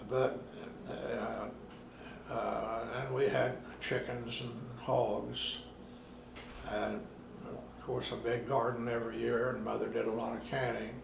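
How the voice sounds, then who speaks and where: Gravelly, slow-spoken man in his nineties. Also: medium pitch, little pitch movement. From Arkansas, USA. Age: 90s. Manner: slow, unhurried storytelling with pauses. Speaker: retired minister, interviewee. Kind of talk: oral history interview. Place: his apartment at home. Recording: roomy home recording with background noise.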